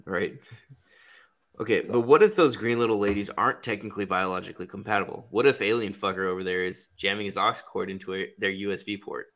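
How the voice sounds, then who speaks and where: A man's voice: on the low side, fast talker, fairly bright tone. A man hosting a podcast, rambling through crude, profane comedic banter and laughing at his own jokes. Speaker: podcast host.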